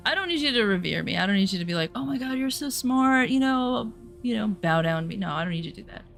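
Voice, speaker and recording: A woman's voice: mid-range voice, expressive, rapid-fire, vocal fry, a bit bright. A young adult woman streaming and telling a story in casual chat, sarcastic and profane, over faint music. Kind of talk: casual chat while gaming.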